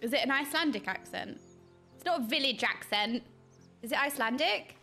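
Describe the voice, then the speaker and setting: A young adult woman streaming a game, excitably commenting and reading quest text aloud. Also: high voice, fairly quick, soft background music. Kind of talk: live gameplay commentary.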